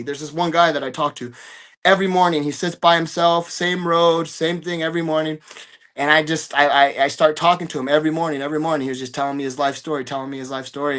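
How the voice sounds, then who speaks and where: A man's voice: a little high, fairly bright tone. A man talking casually as an interview guest, rambling and swearing, with lots of fillers. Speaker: guest fighter.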